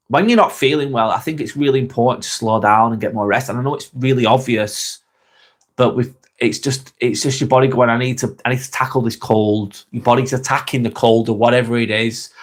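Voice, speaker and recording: English man, live vlog host, casual rambling chat, clip-on mic, spare bedroom. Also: mid-range voice. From England. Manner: rambling, repeats himself, frequent ums. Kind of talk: casual live-stream chat reading comments. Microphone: wireless clip-on mic.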